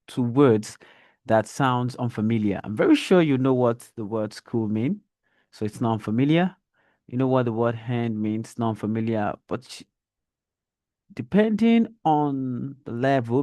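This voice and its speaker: A male teacher walks young children through a reading lesson at an unhurried pace. His voice sits at a middle pitch and is recorded dry and close, with no room around it. He models intonation as he reads aloud. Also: a little mellow, no echo. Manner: slow, deliberate explanations, demonstrates intonation.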